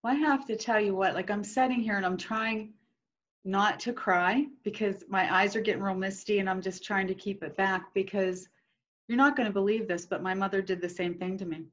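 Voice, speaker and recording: A woman's voice: medium pitch, steady tone, brisk. A woman host sharing a story in a casual, open conversation. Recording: dull lo-fi sound.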